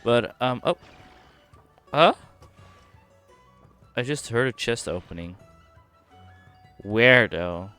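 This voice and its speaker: A man's voice: mid-range voice, expressive, bright, forceful tone, clear, resonant tone, soft background music. A man streaming a game, thinking aloud and reacting casually as he explores. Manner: thinking aloud, quick reactions, reads dialogue. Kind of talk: casual gameplay commentary.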